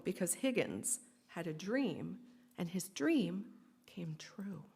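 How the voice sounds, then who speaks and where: A woman minister telling a story for all ages during a worship service, expressive and gently inviting. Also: mid-range voice.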